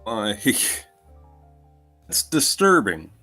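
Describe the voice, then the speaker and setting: Male co-host, unhurried, bright edge, jokey with lots of ums, faint music under. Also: lowish voice, very animated. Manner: jokey, hesitant, many fillers. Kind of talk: casual podcast chat.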